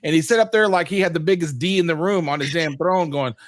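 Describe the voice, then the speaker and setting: Male podcast host, animated and profane, somewhat high voice, dry close mic. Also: quick pace, no room sound. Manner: animated, swears freely, acts out quotes. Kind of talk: casual chat.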